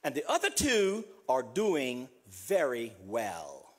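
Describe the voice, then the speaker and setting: Husky-voiced male preacher with lively pitch. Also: takes it slowly. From South America. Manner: repeats a refrain, dropping to a soft low voice; builds up to emphatic preaching. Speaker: pastor. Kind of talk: funeral sermon.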